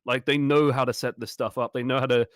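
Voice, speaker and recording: Dude breaking down the match, chill and a bit wry, dry sound. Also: male voice, mid-range voice, flat delivery, fast, no echo. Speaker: co-streaming guest. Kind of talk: casual game-analysis chat.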